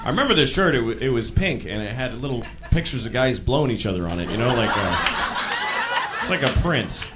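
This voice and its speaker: A man doing a stand-up comedy routine on a club stage, animated and sometimes shouting. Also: medium pitch, fairly quick. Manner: animated, bursts into shouted impressions. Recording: live club with crowd laughter and noise. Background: audience laughing.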